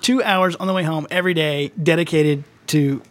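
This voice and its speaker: A man's voice: on the high side, steady tone, normal speed. A man hosting a podcast in casual group chat, teasing and laughing often. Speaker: podcast host.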